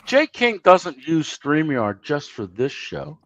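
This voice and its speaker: Co-host, male, lively pitch swings, dry lo-fi remote audio. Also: slow, no room sound. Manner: teasing, animated, keeps pressing questions. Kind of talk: casual chat.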